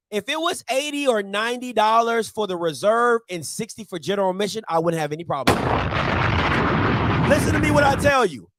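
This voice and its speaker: Man hosting, high voice, dry close sound, animated rant, repeats himself. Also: no room sound. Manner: ranting, repetitive, mocking put-on voices. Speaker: show host. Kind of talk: animated morning-show rant.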